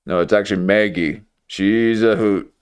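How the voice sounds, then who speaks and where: A man's voice: on the low side, steady tone, moderate pace, clear, resonant tone. A man hosting a live watch-party stream, joking and rambling through reaction commentary with lots of filler words. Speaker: livestream watch-party host.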